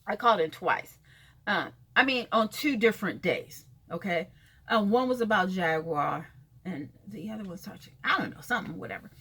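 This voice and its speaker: A woman's voice: mid-range voice, lively intonation, normal speed, pushed and bright, husky. A woman venting in a casual video rant, blunt and sassy, cursing freely and talking straight to people she calls out. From California. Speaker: vlogger.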